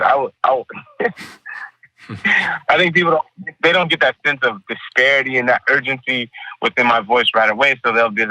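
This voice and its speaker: A man's voice: mid-range voice, brisk, long pauses, no echo, dull audio. A man who is a painter, talking casually and animatedly in an interview, swearing freely and acting out what other people say. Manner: animated, profane, acts out quoted voices. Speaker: artist guest.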